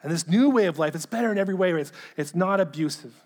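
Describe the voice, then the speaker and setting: A man preaching a sermon in an earnest manner, often restarting phrases to press a point and sinking to a hushed tone at the ends of thoughts. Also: high voice, animated, fast. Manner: earnest, repeats words and restarts when stressing a point. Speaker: pastor. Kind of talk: sermon reading a letter aloud.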